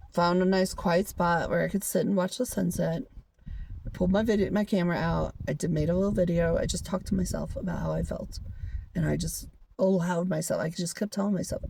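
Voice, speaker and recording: A woman's voice: fairly low pitch, fairly quick, vocal fry, a little mellow, far from the mic, slight background noise. A woman vlogger telling a personal story in a casual, rambling way, full of fillers and laughs. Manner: rambling, many fillers like "you know" and "like", laughs often. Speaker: hiker vlogger.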